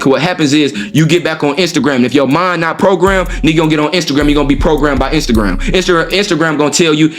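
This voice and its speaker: A man with a somewhat high voice talks through a casual motivational monologue, heavy with street slang and profanity. He keeps checking in with the listener as he goes. Faint music plays underneath. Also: fast, hardly any pauses, fairly bright tone. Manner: profane, street slang, repeats "you know what I'm saying". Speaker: host.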